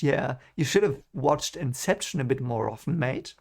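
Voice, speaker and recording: A young man reading a novel aloud and thinking out loud about it in casual commentary, rambling and restarting his sentences. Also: medium pitch, lively intonation, normal speed, creaky, husky. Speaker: book reaction reader. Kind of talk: casual read-along commentary.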